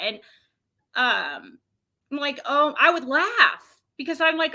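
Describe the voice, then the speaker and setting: A woman's voice: sits high, expressive, slow, pauses often, bright, forceful tone. A woman streamer chatting casually to her viewers, rambling, with many restarts. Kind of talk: casual chat.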